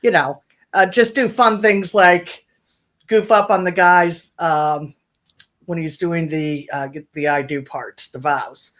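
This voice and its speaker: A woman's voice: fairly low pitch, fairly even intonation, slow, fairly bright tone. A middle-aged woman chatting as a guest on a radio talk show. She tells her anecdotes with energy and acts out every line she quotes. She laughs often as she goes. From Irish Catholic family of ten kids. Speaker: justice of the peace, guest. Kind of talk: casual radio chat, storytelling.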